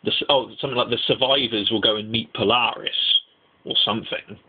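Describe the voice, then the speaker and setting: A young man giving a casual, rambling anime review, excitable and swearing freely. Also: lowish voice, brisk, breathy edge. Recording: tinny lo-fi mic.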